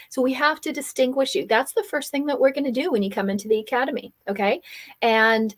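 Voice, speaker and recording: A woman from Germany who speaks English with no accent, hosting a live coaching workshop and pitching her program persuasively, checking in with "okay?" and "right?" all the time. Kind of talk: live webinar sales pitch.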